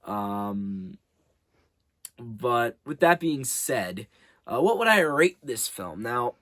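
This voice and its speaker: A man rambles through a casual movie review at home, his pitch bouncing up and down all the while. He swears freely and keeps circling back on himself. The sound is close and dry, with no room echo. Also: big pitch swings, slow, a bit bright. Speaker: movie review channel host.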